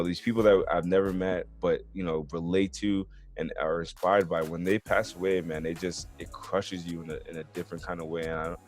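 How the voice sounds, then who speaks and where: A man hosting a sports podcast in casual chat, talking earnestly and calling his guest "man" and "bro". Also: low voice. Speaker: podcast host.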